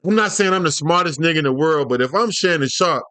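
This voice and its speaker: High-voiced, profane male commentator. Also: animated, fast, bright, forceful tone, clear, resonant tone, no echo. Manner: loose, profane, joking slang. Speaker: YouTube commentator. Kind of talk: casual reaction commentary.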